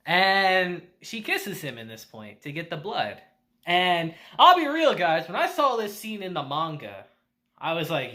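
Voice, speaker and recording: This is a man reviewing an anime episode in a relaxed, chatty way. His voice is bright and forward, and his pitch leaps around as he acts out the characters' lines. He laughs a lot and drops casual swears. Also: a little slow.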